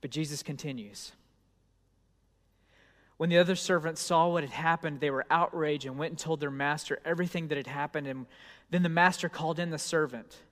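A man's voice: on the high side, moderate pace. Man preaching in a reverberant hall. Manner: conversational, storytelling, swings from loud to hushed. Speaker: pastor. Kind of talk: sermon.

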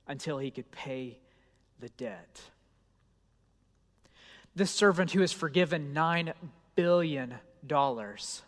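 A man preaching a sermon, telling a story in a conversational voice that swings between loud and hushed. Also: mid-range voice, long reverb tail. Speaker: pastor.

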